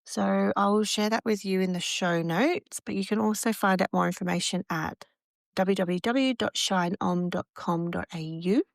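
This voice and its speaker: A woman, hosting a podcast, gently guiding a breathing exercise and talking candidly about parenting. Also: mid-range voice, moderate pace, gravelly, no room sound, clean studio sound. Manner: gentle, soothing and candid, with frequent restarts. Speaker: podcast host. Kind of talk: guided breathing and reflective parenting talk.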